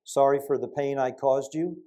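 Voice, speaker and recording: Warm-voiced older male preacher. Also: medium pitch, moderate pace. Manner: animated storytelling with sudden loud peaks and quiet asides. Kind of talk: sermon.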